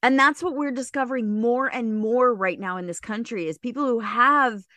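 A woman co-hosting a podcast in casual conversation, earnest and pushing back with halting buts. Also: a little high, sharp tone, no room sound. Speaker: podcast co-host.

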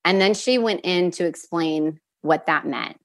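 Young adult woman, guest storyteller; somewhat low pitch, earnest and open, frequent fillers and restarts. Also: a little slow. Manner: emotional at moments, with nervous laughs. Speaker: guest sharing a personal story. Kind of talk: candid conversational storytelling.

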